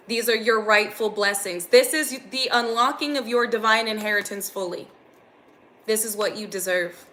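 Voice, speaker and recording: A woman's voice: mid-range voice, pushed and bright, a little hiss or hum. A young woman giving an earnest, intense channeled spiritual reading to her viewers. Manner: earnest, intense, gets emotional. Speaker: spiritual reader.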